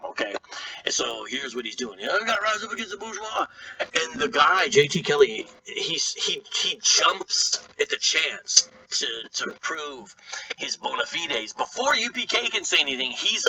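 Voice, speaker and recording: A man giving live reaction commentary on a video as a streamer, animated and quick to laugh, with preachy asides. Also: mid-range voice, far from the mic, a little hiss or hum, poor audio.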